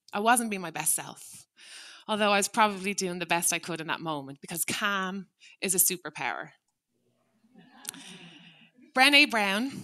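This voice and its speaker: A woman's voice: medium pitch, bright, forceful tone. A middle-aged woman, a former teacher, giving an earnest, reflective prepared talk on stage and acting out the dialogue in her story. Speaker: teacher turned restorative practice trainer.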